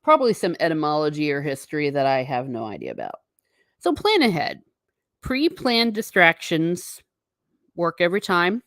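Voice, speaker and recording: A woman hosting a casual livestream from home, chatting with viewers in a wandering way and breaking off into quick asides to herself. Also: deep voice, wildly swooping pitch, a bit bright, dry recording, studio quality. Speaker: livestream host.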